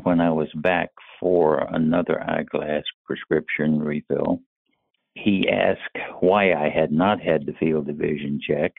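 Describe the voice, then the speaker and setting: Older man with a gravelly voice over a phone line. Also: low-pitched, dry recording. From North Carolina. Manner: slow, measured storytelling. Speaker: caller sharing a personal story. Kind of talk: recorded personal story. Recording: tinny phone-line recording.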